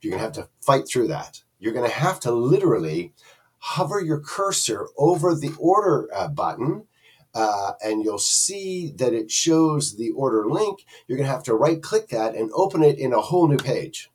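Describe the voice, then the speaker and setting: A man's voice: mid-range voice, big pitch swings, normal speed, darkish tone, breathy edge, distant mic. A man from Canada giving a rambling, casual screen-share review of an online product, full of fillers and restarts.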